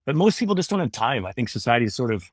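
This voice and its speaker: A man's voice: medium pitch, big pitch swings, very fast, dry recording. An earnest middle-aged man from Canada talks through a candid interview. His delivery rambles and restarts, full of "man" and "you know". The sound is dry and close. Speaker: radio host turned podcaster, guest.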